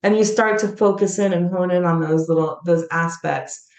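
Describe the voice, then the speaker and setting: A woman's voice: lowish voice, moderate pace, darkish tone. Middle-aged woman guest, earnest and emotional, recorded in a roomy space. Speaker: guest, founder of a gratitude platform. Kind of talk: heartfelt storytelling in an interview.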